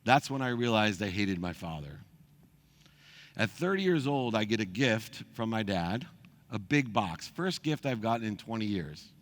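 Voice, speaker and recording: A middle-aged man with a fairly low voice tells a personal story as the host of his own show. He is animated and acts out the people he quotes. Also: moderate pace.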